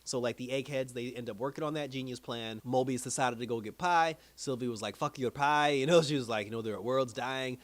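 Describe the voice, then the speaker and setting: A man talks through a TV episode review in a loose, rambling recap style. He laughs often and keeps slipping into the lines of the people he describes. His voice sits at a middling pitch. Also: brisk, few pauses, no room sound. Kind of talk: casual recap with quoted voices.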